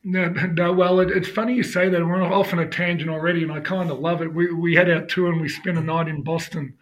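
A man's voice: a little high, little pitch movement, brisk, highs cut off. An Australian man co-hosting a sports podcast, chatting conversationally and steering the talk between topics. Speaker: podcast co-host. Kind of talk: casual chat.

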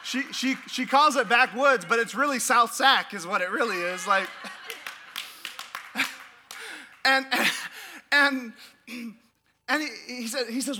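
High, bright-voiced preacher, animated and laughing. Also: male voice, slow pace, long pauses, a little hiss or hum. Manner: animated, laughing, playful asides. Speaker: pastor. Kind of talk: sermon. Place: church.

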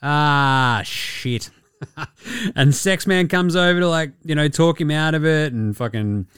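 Young man, podcast host, rambling, swearing, jokey, slightly high voice, dry close sound. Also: normal speed, clean tone, dry recording. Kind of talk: casual solo sports commentary.

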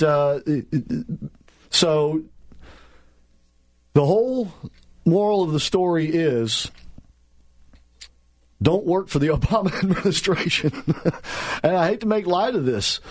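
A man with a fairly high-pitched voice hosts political talk radio. He sounds sarcastic and heated, with many restarts and repeated words.

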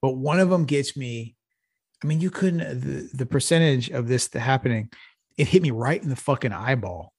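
Here a middle-aged podcast co-host from Texas, speaking at normal speed in a mid-range, slightly mellow and slightly rough voice, casually tells a wandering, profane tale and laughs frequently. The studio sound is clean, with no echo.

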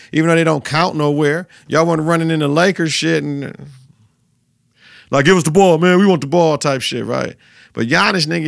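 A man with a slightly high, gravelly voice hosts a sports podcast, cursing freely and talking in animated bursts. He keeps repeating himself for emphasis. The sound is close and dry, with no room echo. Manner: profane, animated, repetitive trash talk. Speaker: podcast host. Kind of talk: casual sports talk.

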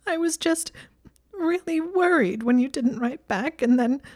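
A woman's voice: fairly low pitch, moderate pace, warm tone, no room sound, studio quality, natural voice. A woman voicing a stubborn, anxious young witch who is defensive and tearful.

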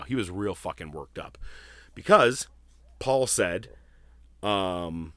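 Profane, animated man hosting a podcast. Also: low-pitched, slow pace, long pauses, no echo, clean studio sound. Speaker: podcast host. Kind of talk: casual wrestling podcast chat.

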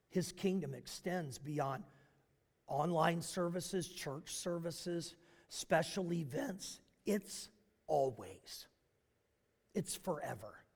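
A male pastor delivering a sermon, moving between loud, emphatic preaching and hushed, intimate storytelling. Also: fairly high pitch, in a large hall.

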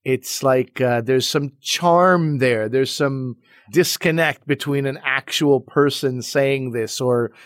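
A man who teaches comedy explains his thinking in an easygoing podcast chat. He sounds relaxed and reflective and peppers his talk with "you know." His voice is recorded close and dry, with no room sound. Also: medium pitch, slow, no echo. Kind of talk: casual podcast conversation.

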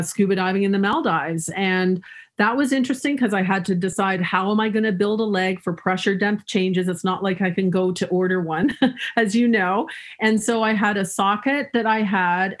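A woman's voice: medium pitch, normal speed. Woman guest on an interview, chatty and funny, laughs a lot while telling stories, medium voice. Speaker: guest speaker. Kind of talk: storytelling in an interview.

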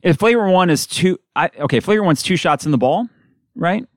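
Man, play-by-play caller, fast excited calls, dry close sound. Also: high-pitched, no echo. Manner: rapid play-calling with bursts of excitement. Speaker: podcast host doing live game reaction.

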